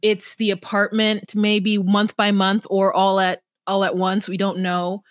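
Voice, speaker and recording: A woman's voice: mid-range voice, completely flat delivery, measured pace, no echo, clean studio sound. A woman co-hosting a casual podcast about reality TV, playful and giggly, breaking into sung bits. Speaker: podcast co-host.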